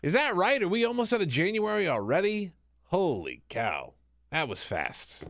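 Sarcastic, animated talk radio host. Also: male voice, sits high, moderate pace, no room sound, studio quality. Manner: sarcastic, animated, laughs and riffs on the news. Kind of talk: casual political talk radio. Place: radio studio.

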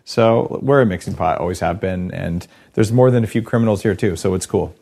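A man hosts a relaxed podcast chat with dry humor. His voice sits a little low, and he often restarts his sentences before getting going. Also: brisk, gravelly. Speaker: podcast host. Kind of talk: casual podcast conversation.

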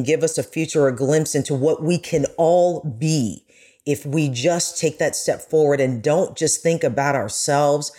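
A woman's voice: deep voice, warm tone, breathy edge. Earnest woman journalist guest. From United States. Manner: earnest, growing emotional. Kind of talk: casual podcast chat.

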